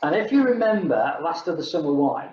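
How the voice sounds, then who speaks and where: An older man runs a casual exercise class, counting down the rounds and chatting between sets. His voice sits a little high. The sound is dull and echoey, with faint noise under it. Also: big pitch swings, a little fast, a little mellow. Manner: chatty, jokey, counts down reps. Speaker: fitness instructor.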